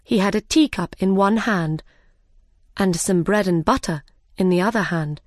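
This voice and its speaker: A woman narrating a children's storybook in a careful, measured reading style. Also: mid-range voice, expressive, no room sound, studio quality. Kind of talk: slow, clear storybook reading.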